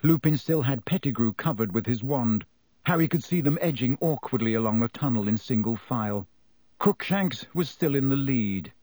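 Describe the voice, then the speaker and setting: Steady male audiobook narrator. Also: mid-range voice, dry recording. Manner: measured, steady storytelling. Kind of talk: scripted narration.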